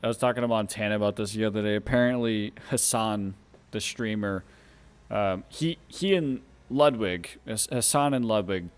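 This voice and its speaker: A man streaming a driving game, chatting casually with lots of laughs and rambling restarts. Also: fairly low pitch.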